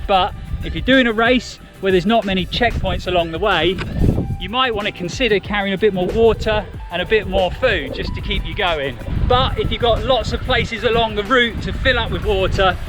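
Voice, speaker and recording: A man giving casual, encouraging running advice to camera as a vlogger. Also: sits high. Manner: chatty and encouraging. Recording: music playing behind.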